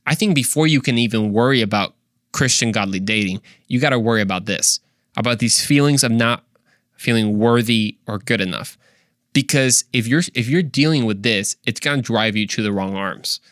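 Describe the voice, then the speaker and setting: Christian podcast guy, earnest and chatty, middle pitch, dry close sound. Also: moderate pace, fairly bright tone, no room sound. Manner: earnest, conversational, with rhetorical questions. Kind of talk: casual solo podcast monologue.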